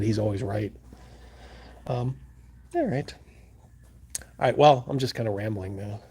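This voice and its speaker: With a breathy edge to his medium-pitched voice, a male streamer chats casually with his viewers, spinning stories. He wanders off on tangents, laughs a lot, and performs his own panic loudly.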